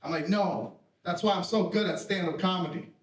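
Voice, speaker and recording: A high-voiced man does stand-up from a theater stage, brash and profane, mocking himself in his punchlines. His voice rings in a roomy hall. The mic sits at some distance, so he sounds a little far off. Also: fairly quick. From Puerto Rican family. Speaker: stand-up comedian. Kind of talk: live stand-up set. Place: theater stage with live audience.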